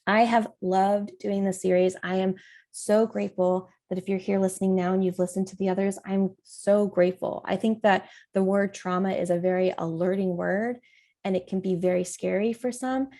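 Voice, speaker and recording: A woman's voice: mid-range voice, steady tone, moderate pace, warm tone. A middle-aged woman hosting a parenting podcast, talking alone in an earnest, encouraging way. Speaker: parent coach and podcast host. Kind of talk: solo podcast talk.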